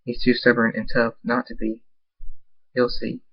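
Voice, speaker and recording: A man's voice: medium pitch, sing-song, normal speed, creaky, breathy edge, muffled recording, heavily acted. A man doing an anxious, caring girl pony. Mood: worried. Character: worried, caring female unicorn pony.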